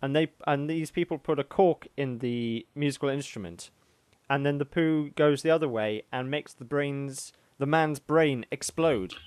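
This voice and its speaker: Deadpan man, fairly high, dry sound. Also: moderate pace, clear, resonant tone, no echo. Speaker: podcast co-host. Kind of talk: casual chat.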